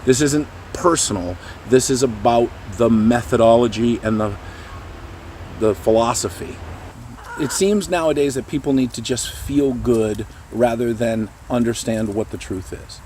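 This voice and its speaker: A middle-aged man talking casually to camera as a dog trainer, animated and breaking into goofy high voices now and then. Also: unhurried, a little hiss or hum. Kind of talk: casual explanatory talk to camera.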